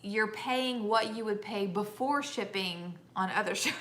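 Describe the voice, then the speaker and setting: Bright-voiced woman chatting live. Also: mid-range voice, unhurried. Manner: reads viewer comments aloud, laughs often. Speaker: co-host of a live stream. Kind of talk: casual live-stream chat.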